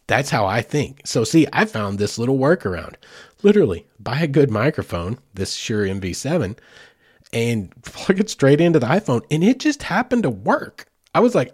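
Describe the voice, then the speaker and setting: A man's voice: mid-range voice, big pitch swings, moderate pace, darkish tone, breathy edge, no echo, studio quality. A man hosting a podcast, rambling casually with self-deprecating asides. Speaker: podcast host.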